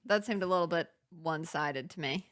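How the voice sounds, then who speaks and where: A woman's voice: fairly low pitch, a little fast, a bit bright. A young woman hosting a podcast, chatting casually with her sister and telling childhood stories with frequent giggles. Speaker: podcast host.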